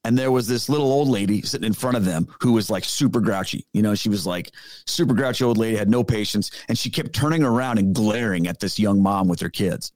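A man's voice: fairly low pitch, a little fast, darkish tone, dry recording. Middle-aged guy on a podcast, earnest and punchy, tells stories, dry close sound. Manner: earnest and emphatic, casual slang. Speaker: podcast guest, former pastor. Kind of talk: conversational storytelling.

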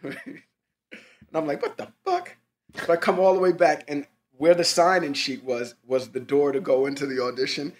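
A man chatting casually about the acting world, telling his stories with plenty of swearing and quoted dialogue. His voice sits a little on the high side. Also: steady tone, fairly quick, few pauses. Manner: loose, profane anecdotes with quoted dialogue. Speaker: actor, podcast guest. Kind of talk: casual storytelling chat.

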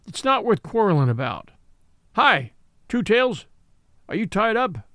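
A man's voice: high voice, big pitch swings, unhurried, pushed and bright, no room sound, clean studio sound, voice pushed up, heavily acted. A man voicing a proud, quarrelsome male troop horse in a storybook reading, haughty and indignant. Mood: weary.

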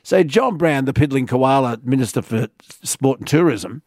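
A man's voice: medium pitch, animated, moderate pace, a little mellow, dry recording, clean studio sound. A man hosting a radio chat, teasing and gossipy, often restarting his sentences. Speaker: radio host.

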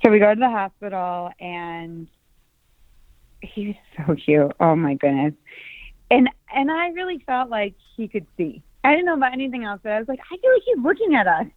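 A woman guest telling a personal story on a podcast, lively and excited as she recounts it. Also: mid-range voice, normal speed, no echo. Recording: dry tinny phone-like sound.

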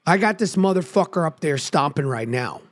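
Podcast host, male, high voice, blunt and foul-mouthed, nursing a sore throat. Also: expressive, normal speed. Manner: profane, blunt, pushy. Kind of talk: casual podcast banter.

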